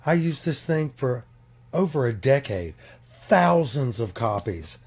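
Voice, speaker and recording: A man with a voice of ordinary pitch complains in a casual vlog. He talks firmly and emphatically, repeating points for stress. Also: big pitch swings, takes it slowly, a little mellow, breathy edge.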